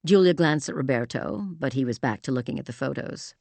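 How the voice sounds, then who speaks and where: A woman narrating a romance audiobook in an expressive storytelling manner, also speaking the heroine's lines. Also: extremely low pitch, brisk, gravelly, no room sound. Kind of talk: scripted narration.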